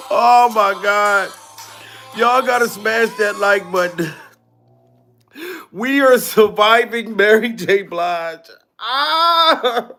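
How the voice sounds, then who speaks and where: Man in his forties mock-crying comedically. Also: very high-pitched. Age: 40s. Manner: exaggerated fake sobbing and laughing; loud, profane, theatrical. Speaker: comedy vlogger.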